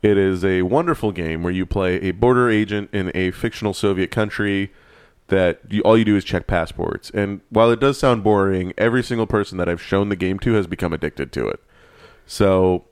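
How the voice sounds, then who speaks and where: A man's voice: low voice, clear, resonant tone, no echo, clean studio sound. A man from San Francisco co-hosting a casual chat, wry and rambling. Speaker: podcast co-host.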